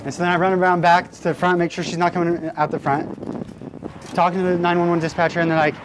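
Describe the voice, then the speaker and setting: A man, a guest storyteller, excitedly recounting events on a residential street, peppering his talk with "like" and "right". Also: on the high side, fast talker. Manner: excited, restless, with many likes and rights. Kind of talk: animated storytelling on location. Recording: outdoor street noise.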